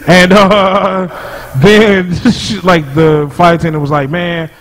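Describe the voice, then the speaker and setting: A man chatting as a podcast guest, telling stories in an animated way and laughing often. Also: high voice, slow pace, low-quality recording. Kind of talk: casual chat.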